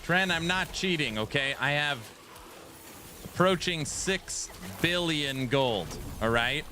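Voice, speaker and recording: A man's voice: a little high, lively intonation, slow, bright, forceful tone, slight background noise. A man streaming a video game, bantering playfully and defensively with his chat. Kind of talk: casual gaming stream chat.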